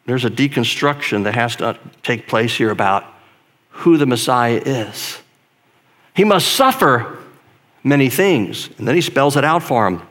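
A man preaching a sermon in a conversational, emphatic way, dropping to a hush and then building to loud stress. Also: medium pitch. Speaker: pastor.

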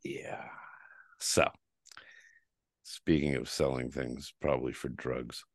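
A man with an extremely low, deep voice tells a story on his podcast, swearing freely and ranting. He acts out the back-and-forth of each conversation. The sound is dry and close to the mic. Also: little pitch movement, slow, slightly rough, no room sound. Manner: ranting, heavy swearing, quotes himself in dialogue. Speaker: podcast host. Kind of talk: casual profane storytelling.

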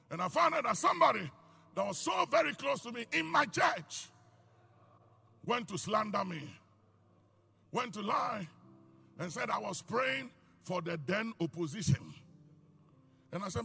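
An older man with a Ghanaian accent preaching a sermon, swinging between loud outbursts and quiet, low asides. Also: very animated, unhurried, creaky, long pauses, husky, faint music behind. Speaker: pastor.

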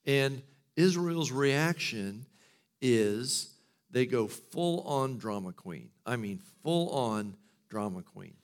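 Middle-aged man preaching, casual and joking, lively storyteller. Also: medium pitch, slow. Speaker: pastor. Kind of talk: sermon.

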